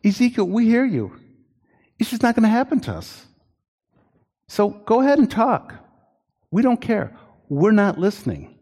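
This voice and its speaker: A preacher doing a smug crowd that couldn't care less, pitched way up above his own voice and rattled off fast. It mocks every warning. A long reverb rings around it from a big hall. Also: very animated, dark tone, slightly rough, heavily acted. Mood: mocking. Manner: mocking, careless. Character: smug, dismissive crowd of ancient people.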